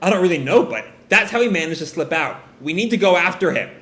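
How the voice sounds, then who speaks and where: A man's voice: high-pitched, lively intonation, fast, a bit bright, voice pushed up. A man voicing a brash teenage ninja boy, raising his voice and pushing hard on the lines. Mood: insistent. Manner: raised, pushy delivery. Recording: roomy echo.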